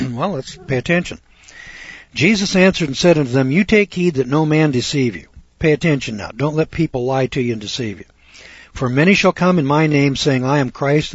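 A man's voice: medium pitch, breathy edge, no room sound. An older man teaching from the Bible in a folksy, chatty way, full of rhetorical questions. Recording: dull dry lo-fi recording.

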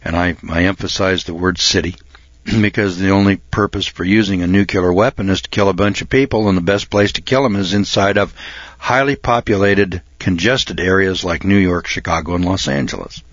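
A man giving an insistent speech, often clearing his throat and restarting his sentences. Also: deep voice, normal speed, fairly bright tone, no echo. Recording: dull lo-fi recording.

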